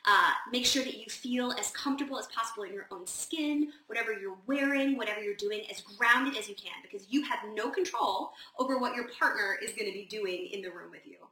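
A woman's voice: on the high side, brisk, few pauses, bright, forceful tone, distant mic. A woman hosting a casual live Q&A, chatty and gushing, with lots of "like" fillers. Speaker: host of a live advice session. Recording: roomy echo, set back from the mic, faint noise.

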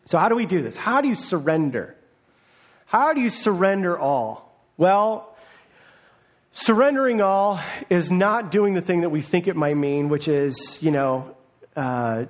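A man preaches a sermon in a loose, conversational way and slips into playful voices when he quotes people. His voice sits high for a man. He talks like a pastor speaking to his own congregation. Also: animated, normal speed. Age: adult, parent of a young child.

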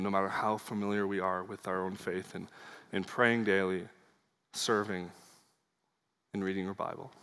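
A man's voice: on the low side, a bit bright. A man preaching a Sunday sermon in an earnest, conversational way, with fillers and small asides. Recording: long hall reverb.

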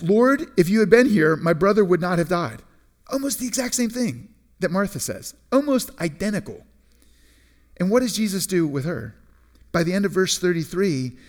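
A man preaching a sermon in a conversational way, often restarting and repeating words, and slowing down to stress key phrases. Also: on the high side. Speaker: pastor.

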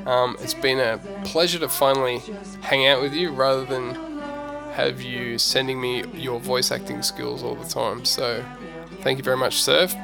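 Gravelly-voiced chatty podcast host. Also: male voice, medium pitch, flat delivery. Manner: chatty, playful, halting with fillers. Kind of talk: casual podcast chat. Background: music.

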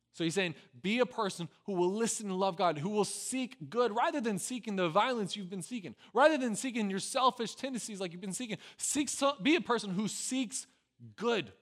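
A man preaching a sermon, swinging from loud urgent pleading to quiet, low asides. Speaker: pastor.

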